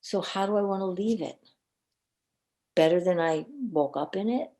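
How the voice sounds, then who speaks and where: A woman's voice: on the low side, normal speed. A woman guest on a podcast, a coach and minister, telling personal stories earnestly and animatedly, often repeating words as she goes. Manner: earnest, animated storyteller with frequent word repeats. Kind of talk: personal storytelling in a podcast interview.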